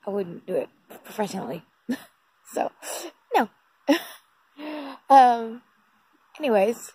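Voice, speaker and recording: A woman's voice: on the high side, expressive, slow pace, warm tone, breathy edge, no echo, rough recording. A woman talking casually to her phone at night, rambling and giggling with lots of fillers. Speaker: vlogger. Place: indoors at night.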